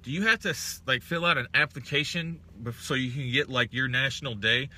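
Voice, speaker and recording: Young man, casual vlogger, bright edgy voice, profane exasperated rants. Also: mid-range voice, a little fast. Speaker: vlogger reading live chat. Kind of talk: ranting casual smoke-break chat.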